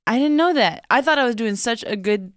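A woman's voice: a little high, lively intonation, a little fast, dry recording, studio quality. A woman co-hosting a podcast, telling stories in a rambling, self-mocking way. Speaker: guest co-host. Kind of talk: casual chat.

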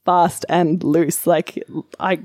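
A woman's voice: on the low side, little pitch movement, very slow, a little mellow, no room sound, studio quality. A woman from Australia, a guest chatting on a podcast and giggling often. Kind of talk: casual chat.

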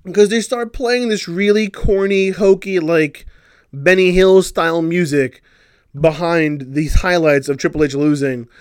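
A man talks through a wrestling show in a loose, sarcastic way, sighing with exasperation and acting out what others said. His voice sits a little high. The sound is dry and close, with no room around it. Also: unhurried, clean tone, dry recording. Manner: exasperated, sarcastic, animated storytelling. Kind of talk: casual opinion commentary.

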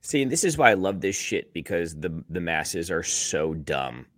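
Deep voice guy, cynical, swears, swings his pitch a lot, dry mic. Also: big pitch swings, moderate pace, fairly bright tone, no room sound. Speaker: podcast co-host. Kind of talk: casual sports chat.

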